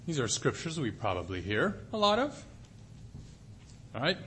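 A male preacher delivers a sermon in a casual, talking tone, putting questions to his listeners. His mid-range voice rises and falls in a lively way, with a faint hum behind it. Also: medium pitch, moderate pace, pauses often. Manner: conversational, asks the audience questions.

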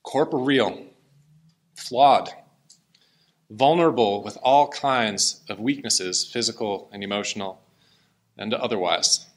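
A man's voice: lowish voice, takes it slowly, pauses often. A man preaching a sermon and reading scripture aloud, in an earnest and emotional way. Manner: earnest, emotional, tearing up at times.

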